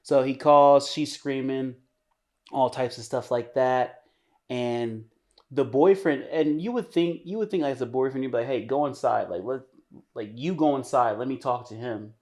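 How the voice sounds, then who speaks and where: A man's voice: medium pitch, normal speed, a little mellow. A man co-hosting a podcast, retelling a story in casual chat with many restarts. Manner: rambling, many restarts, acts out quotes. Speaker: podcast co-host.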